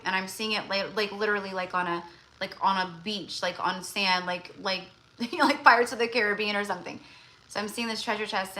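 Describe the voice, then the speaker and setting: A woman's voice: mid-range voice, bright, forceful tone, low-quality recording. A woman hosting a tarot-reading livestream. She chats casually and rambles, with lots of fillers and restarts. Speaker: tarot reader and livestream host.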